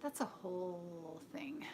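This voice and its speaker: A woman talks unhurriedly to her live-stream audience, earnest and chatty as she answers viewers' comments. She often sinks to a soft near-whisper, and a faint hum of ambience sits behind her voice. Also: medium pitch. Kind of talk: casual opinionated monologue.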